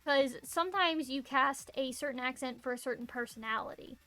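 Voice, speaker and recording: A woman's voice: sits high, fairly quick, sharp tone, soft background music. A woman with a Southern US accent, chatting casually on a stream as she draws, thinking aloud and explaining things to her chat.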